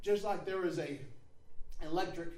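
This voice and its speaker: A man preaching a sermon to his congregation, animated, laughing often and building to loud passages. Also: high voice, normal speed. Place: church sanctuary. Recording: echoey room recorded from far off with faint background noise.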